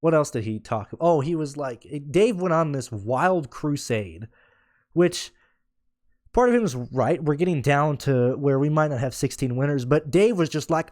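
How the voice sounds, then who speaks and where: A man's voice: a little high, animated, moderate pace, a little mellow, dry recording, studio quality. A man ranting in a casual podcast, blunt and sarcastic, swearing freely and rambling with restarts. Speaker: podcast host. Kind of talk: casual rant.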